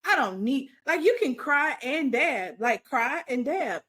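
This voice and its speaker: A woman's voice: sits high, very animated, a little slow, fairly bright tone. Joking, opinionated woman podcast co-host. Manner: joking and opinionated, laughs often. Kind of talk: casual chat.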